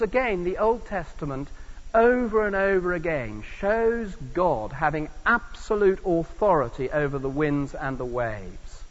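A man from Cornwall, England, preaching a sermon in a conversational way, asking the audience questions, with frequent ums and restarts. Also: high voice. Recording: dull lo-fi recording in a reverberant hall.

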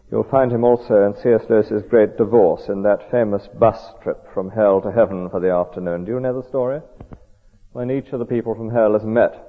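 A man preaching a sermon in an earnest, measured, conversational way. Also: lowish voice, breathy edge. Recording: tinny echoey hall recording.

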